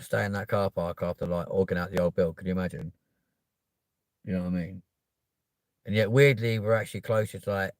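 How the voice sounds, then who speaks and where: A man's voice: sits low, dry recording. A man with a South West London accent chatting casually to viewers on a stream, rambling and cheeky, with plenty of swearing. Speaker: live streamer.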